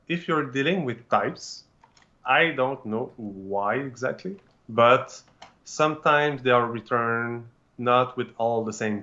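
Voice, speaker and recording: A man's voice: medium pitch, fairly bright tone, dull audio. A man whose first language is French, presenting a live technical demo with many fillers and restarts.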